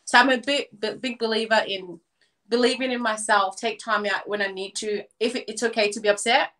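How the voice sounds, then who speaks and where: A woman's voice: fairly high pitch, steady tone, brisk, fairly bright tone, rough recording. Giggly young woman on a call. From Cameroon. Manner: giggly, laughs often. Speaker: guest. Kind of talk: casual online interview.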